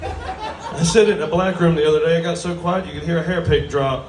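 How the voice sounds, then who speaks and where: A man's voice: on the high side, steady tone, fairly quick, background noise. A man doing a stand-up comedy set at a brewery, drawling and crude, making fun of himself. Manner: drawling, crude, self-mocking. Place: brewery stage with live audience. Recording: roomy live venue from a distance.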